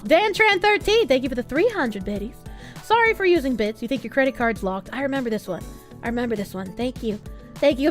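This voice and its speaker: High, lively-voiced woman streamer. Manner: crude, joking, swears freely. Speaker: livestreamer. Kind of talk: casual stream chat, reading out donations.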